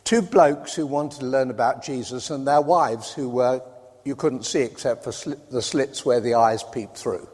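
A man's voice: medium pitch, moderate pace, a little mellow, breathy edge. A man from Britain preaching a sermon in a conversational way, with wry asides. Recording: reverberant hall.

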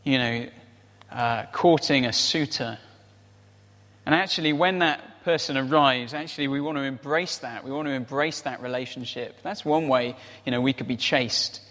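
A man's voice: mid-range voice, normal speed, a bit bright. Guy preaching, chatty sermon, lots of "isn't it?", echoey church hall. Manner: conversational, rhetorical tag questions. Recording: reverberant hall.

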